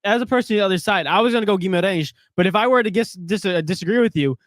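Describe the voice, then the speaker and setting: A man's voice: high-pitched, very fast, dry recording. A man co-hosting a casual sports podcast, playful and teasing. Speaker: podcast co-host.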